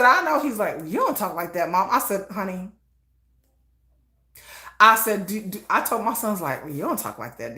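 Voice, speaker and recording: A middle-aged woman hosting a casual livestream, blunt and animated, laughing often and acting out conversations. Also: medium pitch, roomy sound. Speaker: livestream host.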